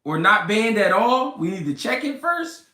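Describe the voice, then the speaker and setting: A man hosting a casual livestream, reading comments and talking slow and deliberate, repeating himself and swearing. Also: high-pitched, very animated, sharp tone. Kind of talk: casual livestream talk about boxing. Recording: roomy echo.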